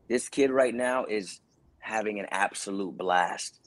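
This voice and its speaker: Animated storytelling man, dry close sound. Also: on the low side, measured pace, no room sound, low-quality recording. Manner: animated storyteller who acts out voices of people he quotes. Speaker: actor and dancer being interviewed. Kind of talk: casual interview talk.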